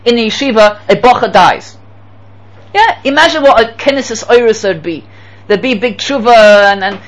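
On a rough recording, a man with a high-pitched, slightly bright voice teaches Torah to his yeshiva students. He speaks emphatically, circling back to key phrases and throwing rhetorical questions at the class.

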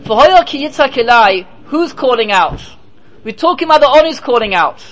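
A man's voice: very high voice, animated, moderate pace, a bit bright, slight background noise, rough recording. A man teaching a Torah class as a rabbi, speaking emphatically, asking and answering his own rhetorical questions, and dropping in Hebrew and Yiddish terms.

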